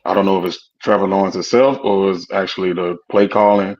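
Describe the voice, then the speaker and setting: A man guesting on a sports talk show, speaking haltingly with many fillers. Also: sits low, little pitch movement, a little mellow. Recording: dull lo-fi sound.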